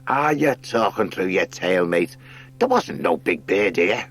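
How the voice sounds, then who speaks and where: A surly vermin crewman who sneers at everything, as a male reader puts him on. The voice sits slightly above his usual low register and carries a dismissive edge. A storybook creature. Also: animated, a little slow, fairly bright tone, exaggerated voice. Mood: sneering. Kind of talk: audiobook character voice.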